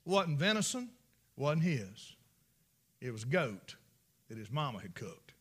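A man preaching a sermon, folksy storytelling that swings from shouts to whispers. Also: mid-range voice, sing-song, a little slow, pauses often, husky.

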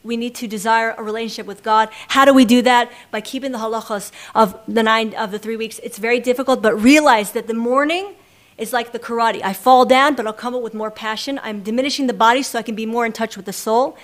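Woman Torah teacher, somewhat high voice, religious class talk, acts out quoted lines as she tells stories. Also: fast talker. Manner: expressive storyteller who acts out quoted lines.

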